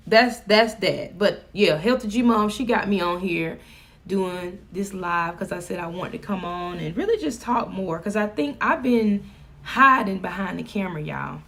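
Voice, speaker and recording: A woman with a Southern US accent chatting casually on a live stream, folksy and joking. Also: medium pitch. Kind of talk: casual chat.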